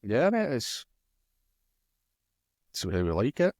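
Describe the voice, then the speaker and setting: A man co-hosts a casual darts podcast, relaxed and chatting loosely, chuckling often as he reads out match results. His voice is medium-pitched and measured in pace, captured with clean studio sound and no room noise.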